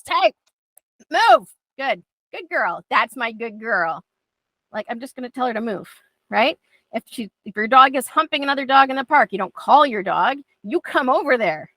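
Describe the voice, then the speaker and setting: A woman's voice: fairly high pitch, fairly bright tone, no echo. Chatty woman dog trainer, dry sound. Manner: chatty, acts out talking to dogs. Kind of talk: teaching a class.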